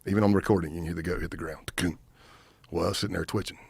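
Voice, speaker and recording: A man in his fifties, a retired undercover agent and podcast guest, telling a story in an animated way and acting out what the other people said. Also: low voice, quick pace, creaky, breathy edge, dry recording.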